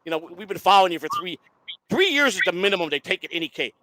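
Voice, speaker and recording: A man's voice: high-pitched, very fast, no room sound, poor audio. A man hosting a casual online show, telling a long profane story and acting out the voices of the people in it. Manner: profane, animated, acts out quoted voices. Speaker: host.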